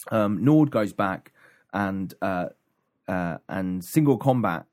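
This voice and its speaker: Low-voiced man recapping a story. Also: expressive, slow, darkish tone. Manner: rambling, many ums and restarts. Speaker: podcast co-host. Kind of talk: casual chat recapping an audiobook.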